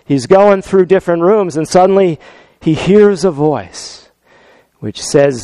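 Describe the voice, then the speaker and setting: A male pastor preaching a sermon, telling stories with lively swings from loud to soft. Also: high voice, slow, no echo. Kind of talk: sermon with storytelling.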